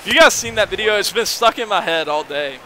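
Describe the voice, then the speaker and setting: Fairly quick and lively in intonation, the streamer's high, sharp voice carries over slight background noise. He keeps up a casual, rambling chat with viewers during his game, reading their comments out as he plays.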